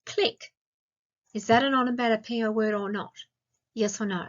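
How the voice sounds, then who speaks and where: A woman teacher with an Australian accent, giving a recorded grammar lesson to young children and asking slow, clear, sing-song questions. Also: on the high side, fairly even intonation, lo-fi sound. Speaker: primary school teacher.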